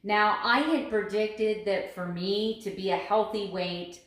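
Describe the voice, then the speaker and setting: A woman's voice: medium pitch, measured pace, fairly bright tone. Earnest woman vlogging in an echoey room. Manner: earnest, emphatic, repeats phrases for emphasis. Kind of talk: casual vlog talk to camera.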